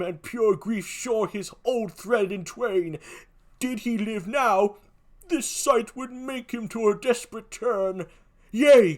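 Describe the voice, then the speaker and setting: A man's voice: sits high, pitched above the performer's own voice. An older man voicing an old, grieving uncle with a mournful tone.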